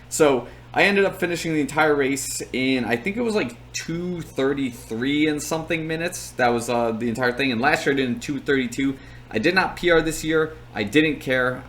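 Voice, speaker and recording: A man's voice: mid-range voice, fairly bright tone, slight background noise. A young man talking casually and at length, with plenty of fillers, as he recaps his race on his channel. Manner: chatty, rambling, lots of fillers.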